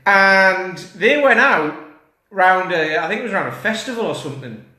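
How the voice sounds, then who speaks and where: Chatty man, bright and roomy. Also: high-pitched, animated, moderate pace. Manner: chatty, rambling, self-interrupting. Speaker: fitness coach. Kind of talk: casual talking-head vlog. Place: indoors. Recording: roomy echo.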